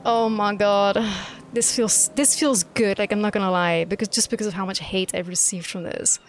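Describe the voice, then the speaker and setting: A woman's voice: mid-range voice, steady tone, moderate pace, slight background noise. A woman streamer reacting live to a game, ranting emphatically and swearing freely. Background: quiet game music.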